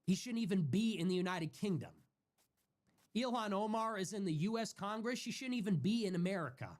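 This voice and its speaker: A man hosting a livestream rants heatedly and profanely on his own, repeating himself for emphasis. His voice is high and brisk.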